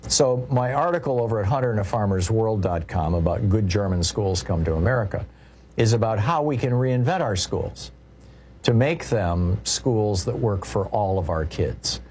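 Low-voiced man hosting talk radio. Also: lively intonation, normal speed, a little mellow, slight background noise. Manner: discursive, many fillers and restarts. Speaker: radio talk show host. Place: radio studio.

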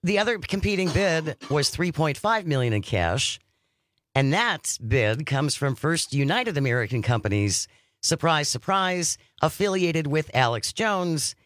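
A man's voice: a little high, big pitch swings, a little slow, a bit bright, no room sound, clean studio sound. Man reading news on a podcast. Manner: reads news items aloud with occasional commentary. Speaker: podcast co-host.

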